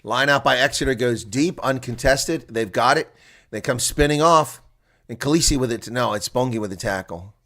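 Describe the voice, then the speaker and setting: A man calling a rugby match live as a chatty, excitable watch-along commentator, with a congested throat that keeps him coughing. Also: mid-range voice, normal speed. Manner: chatty and excitable, laughs at players' mistakes. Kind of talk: live play-by-play reaction commentary.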